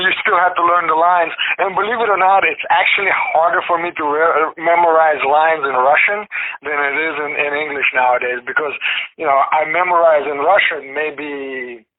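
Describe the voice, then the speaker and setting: A man guest telling stories in a lively way, acting out what others said and laughing as he goes. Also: fairly high pitch, normal speed, noisy background. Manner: lively, acts out quoted lines, laughs mid-story. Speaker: actor guest. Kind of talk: casual storytelling. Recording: tinny phone line.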